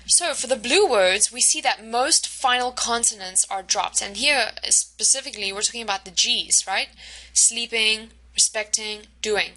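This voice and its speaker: A woman's voice: on the high side, moderate pace, few pauses, pushed and bright, poor audio. A woman teacher giving a recorded lecture over slides, explaining step by step with frequent fillers and checks like "right?".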